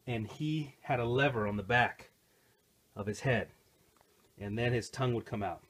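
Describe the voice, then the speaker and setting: A middle-aged man giving a casual, excitable hands-on toy review, rambling and chatting to his viewers. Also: mid-range voice, slightly rough. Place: home recording station.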